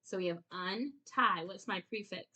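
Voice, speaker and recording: A woman's voice: mid-range voice, moderate pace, sharp tone, husky. A woman teaching her child to read at home, patiently repeating words and asking short quiz questions. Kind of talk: home phonics lesson.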